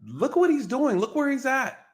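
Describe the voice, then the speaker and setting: A man's voice: very high voice, big pitch swings, normal speed. Man giving emphatic casual commentary. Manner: emphatic, repeats "right?" and "you guys", rhetorical questions. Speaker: commentator on news clips.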